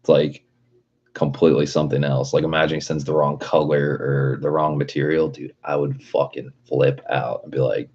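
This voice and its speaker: A man with an extremely deep, husky voice rants on a casual livestream, rambling and swearing freely with plenty of "like." The audio is dull and lo-fi. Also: level tone, normal speed, darkish tone. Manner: profane, rambling, lots of "like". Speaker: livestreamer reading chat.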